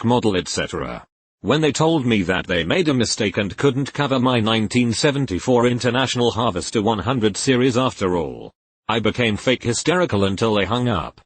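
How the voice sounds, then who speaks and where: A man's text-to-speech voice reading forum posts aloud in a flat synthetic way, spelling out links letter by letter. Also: on the low side, slightly rough, no room sound.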